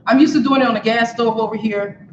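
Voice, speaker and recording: A woman's voice: a little high, steady tone, fast, slight background noise. Brief: woman, cooking-stream host, loose and chatty with viewers, roomy and slightly muffled kitchen sound. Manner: chatty, talks straight to viewers. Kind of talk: casual live cooking stream chat. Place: home kitchen. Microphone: camera on a stand for a live stream.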